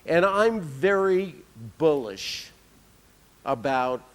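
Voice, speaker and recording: A man's voice: on the high side, expressive, very slow. A man delivering a conference keynote, telling anecdotes with dry humor. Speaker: keynote speaker. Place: conference hall. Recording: reverberant lecture hall.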